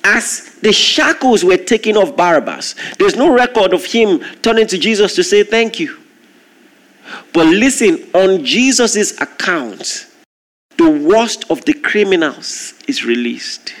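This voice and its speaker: A man preaching a sermon, telling a story with lively, animated delivery and acting out the voices in it. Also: sits high, measured pace.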